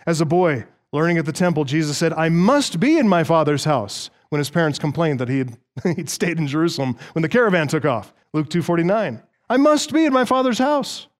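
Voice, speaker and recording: A man's voice: a little high, animated, fairly quick. A man preaching an expository sermon, earnest and emphatic, with occasional dry asides to the congregation. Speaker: pastor.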